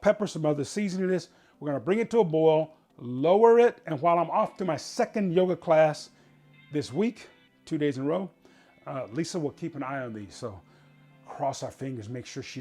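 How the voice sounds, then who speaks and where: A man's voice: on the high side, dark tone. A man hosting a casual home cooking show, chatting folksily as he explains each step in his kitchen.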